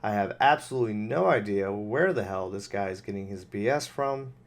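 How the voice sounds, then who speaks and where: A man's voice: on the low side, lively intonation, a little fast. A man giving casual, sarcastic, exasperated commentary on a video clip.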